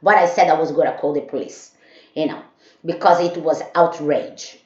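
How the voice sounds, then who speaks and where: A woman's voice: sits low, moderate pace, a little mellow. A woman telling a personal story to camera, rambling and repeating herself. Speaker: vlogger. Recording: dull echoey room.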